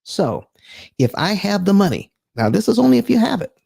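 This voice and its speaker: A man's voice: sits high, sing-song, a little fast, vocal fry, darkish tone, slightly rough. A man hosting a live finance stream, talking emphatically in a preacher-like style with dramatic asides.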